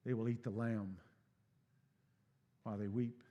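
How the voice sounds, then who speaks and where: A man's voice: lowish voice, flat delivery, measured pace, lo-fi sound. Dynamic male pastor preaching in a hall. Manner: dynamic preaching, swinging from hushed to loud, emphatic bursts. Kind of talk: sermon. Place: church sanctuary. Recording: long hall reverb.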